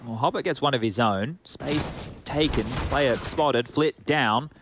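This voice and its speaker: A man with an Australian accent giving live play-by-play commentary on an esports match, with quick, excitable calls of the action. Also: medium pitch, background noise.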